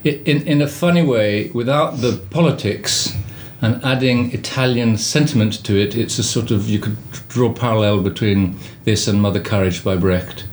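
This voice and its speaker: Man, theatre director, low voice, hesitant, lots of ums. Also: a little mellow, slight background noise. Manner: halting, many fillers and restarts. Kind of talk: casual interview.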